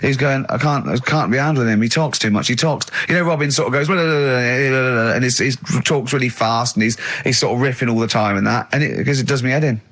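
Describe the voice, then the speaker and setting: A man hosting a radio show, telling stories in casual banter, animated and quick to laugh. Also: medium pitch. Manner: animated storyteller, quick laughs, mimics friends. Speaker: radio host. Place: radio studio.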